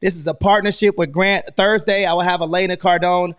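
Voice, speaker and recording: An American man hosting a live online room, talking in a hyped, loud, energetic way and saying "man" after almost every line. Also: sits high, fairly quick, clear, resonant tone. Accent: American English. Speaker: host.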